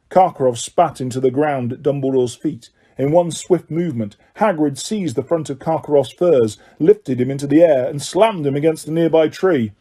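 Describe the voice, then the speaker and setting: Husky guy narrating an audiobook, dark mellow tone, a bit high. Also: moderate pace, few pauses. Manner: even, steady storytelling. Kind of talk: scripted narration.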